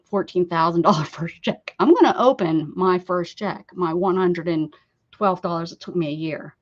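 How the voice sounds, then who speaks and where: Chatty, giggly woman who hosts an art stream, bouncy pitch, lo-fi audio. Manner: chatty, giggly, self-teasing. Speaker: art livestream host. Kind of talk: casual livestream chat while crafting. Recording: dull lo-fi sound.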